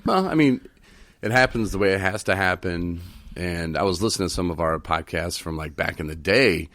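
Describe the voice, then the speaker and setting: A man's voice: sits low, normal speed, fairly bright tone, no echo. A man hosting a recovery podcast in casual chat, easygoing and laughing often. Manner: easygoing, laughs often, acts out others' lines. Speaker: podcast host.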